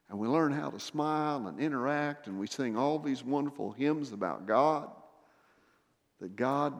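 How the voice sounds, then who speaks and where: Male pastor preaching, loud then hushed, lots of questions to the folks, long echoey church hall. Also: mid-range voice. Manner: emphatic, swings from loud raised delivery to hushed intimate tones; addresses the congregation directly with rhetorical questions. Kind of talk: sermon.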